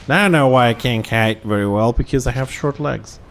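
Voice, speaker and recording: Excitable man streaming a game. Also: medium pitch, a little fast, a little hiss or hum. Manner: excitable, reacts loudly to the game, then mutters to himself. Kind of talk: live gameplay commentary.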